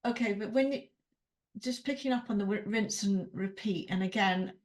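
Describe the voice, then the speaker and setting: A woman speaks with raw candor on a casual podcast. She swears freely and laughs between her thoughts. Her voice sits at a middle pitch. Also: moderate pace. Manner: frank and emotional, swears freely, laughs often. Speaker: podcast co-host, coaching client. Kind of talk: candid conversational podcast chat.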